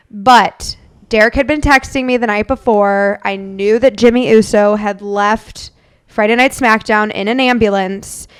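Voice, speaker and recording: A woman co-hosting a podcast, telling a lively story and acting out the quotes of others. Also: a little high, smooth. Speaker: podcast co-host. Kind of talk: casual storytelling chat.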